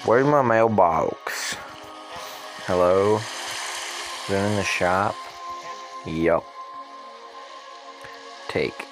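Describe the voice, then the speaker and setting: A man's voice: deep voice, very slow, pauses often, poor audio. A young man streaming a mobile game, muttering and swearing at it as he plays. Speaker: gaming streamer. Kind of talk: casual gameplay commentary. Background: game music.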